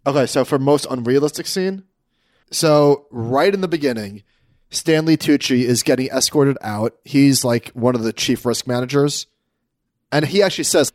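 A man in relaxed podcast conversation, his voice in an ordinary middle range. He picks apart small details in a casual, conversational way. The recording is close and dry. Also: mid-range voice, moderate pace, no echo. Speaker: podcast co-host.

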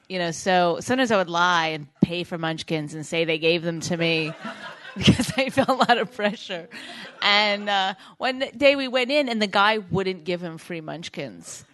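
A woman's voice: mid-range voice, a bit bright. A woman in casual podcast chat, telling stories in a teasing way and laughing as she talks. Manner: teasing storyteller, laughs through her stories.

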